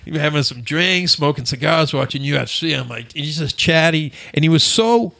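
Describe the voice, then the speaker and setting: A man in his fifties, a podcast guest telling stories in an animated, chatty way and often checking in with "you know what I mean". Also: on the high side, creaky, dry recording, studio quality. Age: 50s. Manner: animated, quick storyteller who keeps asking "you know what I mean". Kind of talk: casual storytelling.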